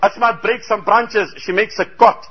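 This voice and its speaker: A man's voice: high-pitched, measured pace, breathy edge, lo-fi sound. A man preaching a sermon, telling a story with emphatic, rhetorical exclamations.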